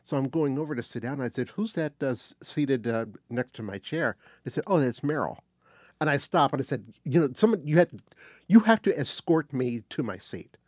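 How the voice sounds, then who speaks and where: A man's voice: mid-range voice, normal speed, no echo. Older guy spinning a story, voice bouncing all over, dry close sound. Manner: animated, acts out quotes, restarts phrases. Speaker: guest telling an anecdote. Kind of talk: casual storytelling.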